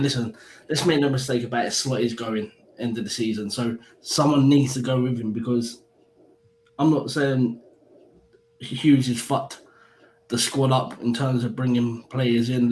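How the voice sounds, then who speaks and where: A man's voice: mid-range voice, fairly even intonation, unhurried. A man giving blunt, heated opinions on a casual football live stream, swearing freely. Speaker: fan pundit. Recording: echoey room with faint background hiss.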